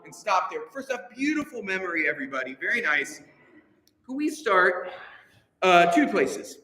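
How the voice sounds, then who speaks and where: A man leads a choir rehearsal in a large, echoey hall, offering encouraging, coaching instructions in quick asides between counts while singers and instruments play. His high-pitched voice has a sharp tone and big pitch swings, picked up from a distance.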